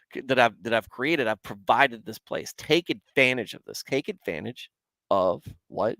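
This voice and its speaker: Gravelly-voiced man, casual livestream Bible commentary, rambling and self-mocking, dry close sound. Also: mid-range voice, a bit bright, no room sound. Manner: rambling, self-deprecating, chats with viewers.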